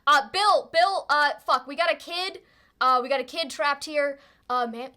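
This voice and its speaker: A woman voicing a rough male workman who yells and swears in a frantic voice. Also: extremely high pitch, takes it slowly, voice pushed up. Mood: panicked.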